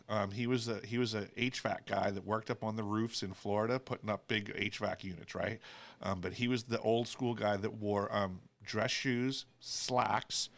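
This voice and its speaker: Lively storytelling man, low voice. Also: vocal fry. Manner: animated storyteller doing character voices. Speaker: host. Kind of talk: casual chat, storytelling.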